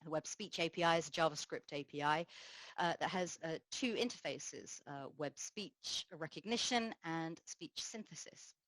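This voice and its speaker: A woman speaking low as she delivers a technical conference talk. She explains things in a measured way, with many small pauses and fillers. The sound is close and dry. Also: a bit bright, dry recording, rough recording.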